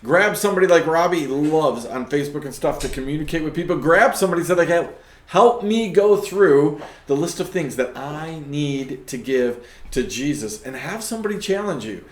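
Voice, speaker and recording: A man's voice: a little high, expressive, normal speed, roomy sound. A man hosting a faith discussion podcast, talking in a preachy way and often tagging his points with "right?". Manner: preachy, peppers talk with "right?". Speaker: podcast host.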